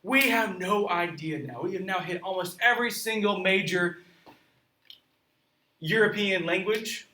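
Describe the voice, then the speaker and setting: Guy teaching a story out loud, high bright voice, asks the class stuff, sounds roomy and far from the mic. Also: a little slow, a little hiss or hum. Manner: chatty, asks the listeners questions. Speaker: teacher reading and explaining a story. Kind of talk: classroom read-aloud with commentary. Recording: roomy echo, mic at a distance.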